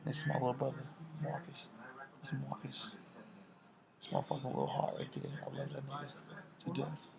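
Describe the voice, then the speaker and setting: A young man rambling loosely and profanely at home at night, drifting between loud talk and whispers, recorded on a laptop mic. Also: mid-range voice, little pitch movement, normal speed, creaky, long pauses, a loud crowd, rough recording. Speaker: vlogger. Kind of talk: rambling casual vlog. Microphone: laptop built-in mic.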